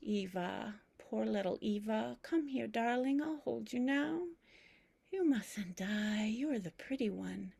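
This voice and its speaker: A woman voicing a confused elderly grandmother in a hospital bed, speaking in a hoarse, tender whisper. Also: fairly high pitch, animated, slow, a little mellow, pitched above the performer's own voice. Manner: wandering, tender, breathy.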